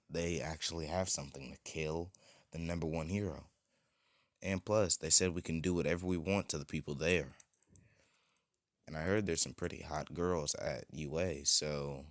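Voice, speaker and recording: A man's voice: very deep voice, unhurried, long pauses, no echo, studio quality. A man voicing a crude, boastful male street thug who talks in a casual, gossipy way.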